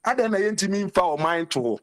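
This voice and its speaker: A Ghanaian-accented man speaks in a notably high register, calling in to a talk show. His delivery is impassioned and ranting, and he hammers his points home by repeating phrases. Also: expressive, fairly quick. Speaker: caller. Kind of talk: call-in commentary mixing Twi and English.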